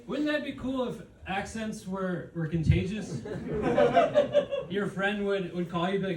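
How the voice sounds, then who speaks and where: A young man doing stand-up, speaking slowly with a lively, somewhat high voice, hesitating with fillers and laughing at his own lines. He is picked up from a distance in an echoey room, with noise from the venue around him. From United States. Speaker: stand-up comedian. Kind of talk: stand-up comedy set. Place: comedy venue with live audience.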